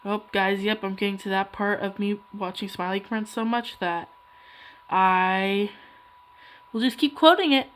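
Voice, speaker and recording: A woman's voice: mid-range voice, measured pace, fairly bright tone. A young woman chatting casually while she draws, rambling and self-deprecating. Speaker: hobby artist vlogger. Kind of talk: casual chat while drawing.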